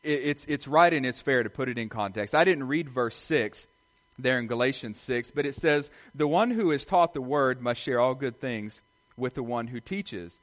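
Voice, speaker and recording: A man's voice: medium pitch, expressive, normal speed. A man preaching a sermon as pastor, earnest and repetitive, often asking rhetorical questions to his congregation.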